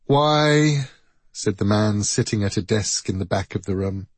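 A man reading a story aloud in measured, expressive scripted narration. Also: lowish voice, breathy edge, no echo. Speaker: audiobook narrator.

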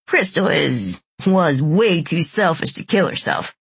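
A shifty man under questioning, answering in clipped, stubborn denials, as a woman narrator puts him on. The voice sits low and husky. The audiobook sound is dry and close. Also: expressive, measured pace, no room sound, exaggerated voice. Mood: defensive. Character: evasive defensive middle-aged man suspect.

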